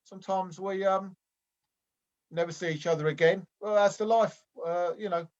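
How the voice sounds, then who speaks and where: A man plays a lonely, well-meaning amateur boxer who rambles and stumbles through every thought. His voice sits high and earnest. The audio is dull and lo-fi, from a video call. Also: fairly even intonation, moderate pace, close to an everyday voice. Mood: rambling. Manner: hesitant and rambling, full of restarts. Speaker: improv performer. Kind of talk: improvised comedy sketch.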